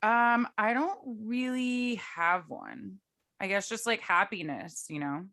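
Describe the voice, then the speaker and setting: Co-hosting a podcast, a young woman chats loosely, peppering her talk with "like" and laughing a lot. Her medium-pitched voice is animated, pushed and bright, though her pace is slow.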